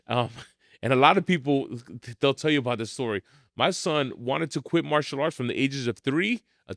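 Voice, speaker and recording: A man's voice: a little high, a bit bright, no room sound, clean studio sound. A middle-aged man, a martial arts school owner telling blunt, emphatic stories in a podcast interview.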